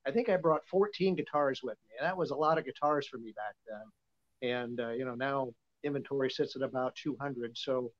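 On a dull, lo-fi recording, a Nebraskan vintage guitar dealer in his seventies rambles through casual stories as a podcast guest, folksy and full of fillers. His pitch is medium and his pace moderate.

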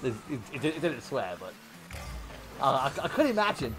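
A man on a live stream, chatting and spinning a crude, rowdy anecdote. His pitch swings widely as he talks, with faint music playing underneath. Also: moderate pace. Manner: animated, profane, laughs often, talks to chat. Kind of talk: casual live-stream chat and storytelling.

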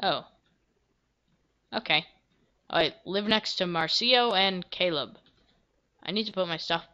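A woman giving casual, self-deprecating commentary while she plays a video game, now and then breaking into loud yelps. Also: fairly low pitch, slow, dull audio. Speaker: gameplay video creator. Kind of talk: casual let's-play commentary.

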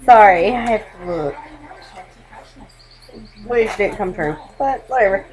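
A teenage girl vlogging on her webcam from a dark bedroom at home, hyper and giggly, rambling from one thing to the next. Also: mid-range voice, animated, unhurried, low-quality recording. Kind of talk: casual webcam vlog.

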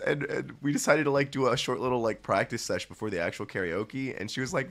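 A man streamer chatting casually to his viewers, earnest and gushing, swearing freely, his voice jumping up when excited. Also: mid-range voice, fast talker, few pauses, faint music behind.

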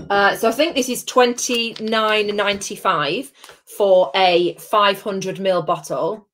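At a middle pitch with a fairly bright tone, this woman hosts a live gin tasting from home, keeping up friendly, bubbly chatter and calling out viewers by name between sips.

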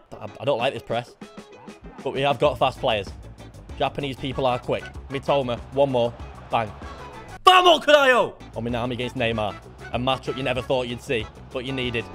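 A young man commentating his own football video game match, muttering under his breath and then bursting into shouts. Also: brisk, faint music behind. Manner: excitable, swings from low muttering to shouted outbursts. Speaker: gaming YouTuber. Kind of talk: live gameplay commentary.

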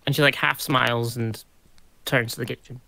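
A man's voice: mid-range voice, steady tone, moderate pace, gravelly, bright, forceful tone, no echo. A man playing a tabletop game, talking hesitantly with many fillers. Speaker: player.

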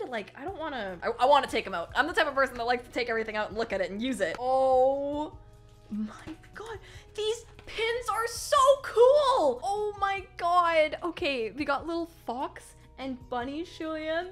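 A young woman hosting a casual unboxing vlog, gushing and excitable, often squealing with delight. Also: a little high. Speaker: YouTuber. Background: faint lo-fi music.

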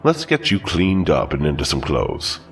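A man plays an ancient demon-bound master, calm and formal, speaking in a very deep, gravelly voice with lively swings of pitch. He sounds measured and in control, in a dark horror audio story. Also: distant mic, soft background music, exaggerated voice.

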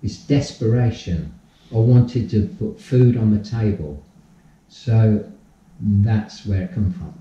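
An older man, a podcast guest telling his life story in a casual, animated way and acting out the dialogue. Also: fairly low pitch, takes it slowly. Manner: animated storyteller, acts out dialogue, repeats phrases. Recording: distant, roomy, dull-sounding audio.

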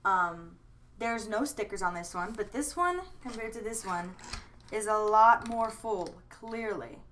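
A woman's voice: mid-range voice, unhurried, a bit bright, a little hiss or hum. A young woman in casual chat about her sketchbooks, chatty and rambling with many fillers and restarts, gushing with enthusiasm. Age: young adult. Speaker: art vlogger. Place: room at home.

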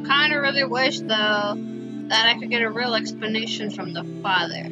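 A woman's voice: fairly high pitch, moderate pace. A woman recording a casual gameplay video, reacting emotionally to the story as she plays. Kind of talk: casual let's play commentary. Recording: dull lo-fi with game music.

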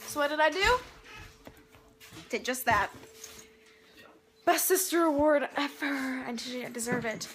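Young female vlogger, high bright voice, chatty and dramatic. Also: measured pace, long pauses, faint music behind. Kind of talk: casual vlog chat.

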